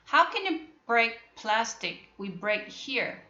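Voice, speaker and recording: Woman teacher on a video call, slow n patient, keeps repeating her questions, echoey muffled sound. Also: on the high side, big pitch swings, sharp tone. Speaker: English teacher. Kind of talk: online phonics lesson.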